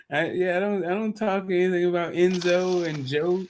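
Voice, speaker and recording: A man's voice: sits high, moderate pace, few pauses, slight background noise. A man hosting a casual livestream chat about boxing, joking and swearing freely. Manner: joking, loose and profane. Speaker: podcast host.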